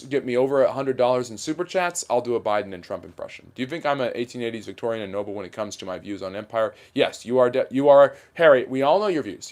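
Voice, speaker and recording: Guy on a history livestream talking fast, lowish voice, blunt opinions. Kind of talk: livestream Q&A chat.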